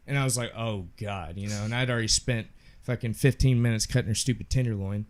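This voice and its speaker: A young man telling a casual story on a podcast, animated and swearing freely, acting out the people in it. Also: lowish voice, quick pace. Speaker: podcast co-host.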